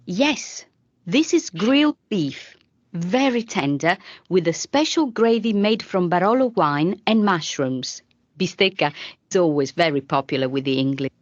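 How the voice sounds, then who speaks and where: A lively friendly Italian waiter. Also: female voice, lowish voice, unhurried, dry recording, dull audio. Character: friendly Italian woman waiter describing dishes.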